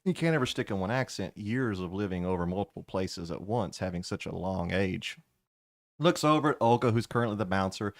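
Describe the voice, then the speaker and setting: A man acting as game master, narrating a tabletop game in a lively, casual way. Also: fairly low pitch, brisk, no room sound, studio quality.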